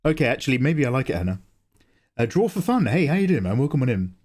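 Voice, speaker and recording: A man's voice: medium pitch, very animated, quick pace, a little mellow. A young man hosting a live drawing stream, chatting casually, joking, swearing and answering chat as he draws. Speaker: livestream host, artist.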